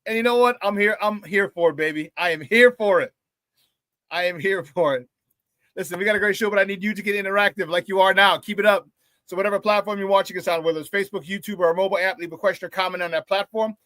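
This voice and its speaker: A man hosting a morning sports talk show, hyping up viewers in a playful, lively way and often breaking into laughter. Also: high-pitched, fast talker, no room sound. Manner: hype, playful, talks to the chat and laughs often. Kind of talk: upbeat morning show chat.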